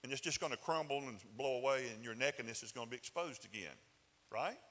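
A man's voice: medium pitch, fast talker, fairly bright tone. A man preaching a sermon in a conversational, folksy way, with rising emphatic bursts. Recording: hall reverb.

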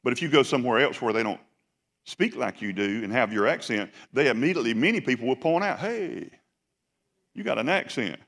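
A man's voice: mid-range voice, expressive, fast, fairly bright tone. A man preaching a Sunday sermon. He talks with emphasis, repeats phrases and asks the congregation questions. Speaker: pastor. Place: large church sanctuary. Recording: long echo of a church hall.

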